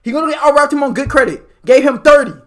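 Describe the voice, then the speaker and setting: Insistent high-voiced young man. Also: fairly bright tone. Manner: insistent, rapid, argumentative. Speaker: podcast host. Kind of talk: casual debate.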